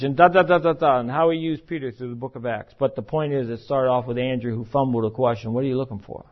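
A man's voice: mid-range voice, fairly even intonation, quick pace, hardly any pauses. A man preaching a sermon in an emphatic, conversational way, now and then acting out the voices he quotes. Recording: muffled, lo-fi recording.

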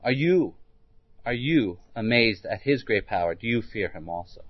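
A man's voice: on the low side, lively intonation, normal speed, husky, no room sound, muffled recording. A man preaching a sermon, putting rhetorical questions to his listeners and restarting words as he thinks aloud.

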